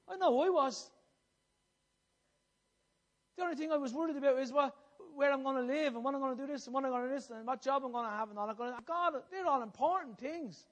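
A man preaching a sermon in an impassioned way. He repeats phrases and puts questions to his listeners. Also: very high-pitched.

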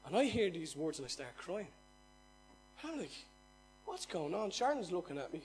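High-voiced preacher telling his story. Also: big pitch swings, moderate pace, darkish tone, soft background music, low-quality recording. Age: middle-aged. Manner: earnest, storytelling, asks the audience questions. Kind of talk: sermon with personal testimony.

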